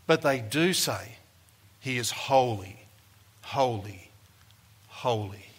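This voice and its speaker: Higher-voiced man preaching a dynamic sermon. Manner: dynamic, builds to loud emphasis then drops soft.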